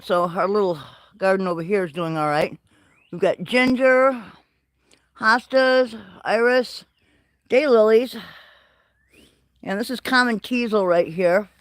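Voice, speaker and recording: A man hosting a livestream, walking through his greenhouse and garden and chatting in an excitable, rambling way. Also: high voice, unhurried, long pauses, dry recording. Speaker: livestream host. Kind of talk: casual walking garden tour. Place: greenhouse and garden, partly outdoors.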